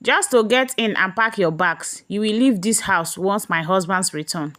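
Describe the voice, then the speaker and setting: A woman's voice: mid-range voice, moderate pace, natural voice. Woman voicing a furious scolding mother. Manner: shouting, accusing. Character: furious middle-aged mother, scolding and harsh.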